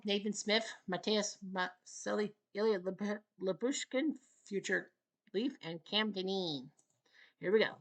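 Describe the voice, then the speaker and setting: A woman casually commentating over a hockey video game she is playing, joking and cheering loudly for her team. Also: mid-range voice, rough recording. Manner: excitable, jokey, calls the play and cheers for her team. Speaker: gaming channel host.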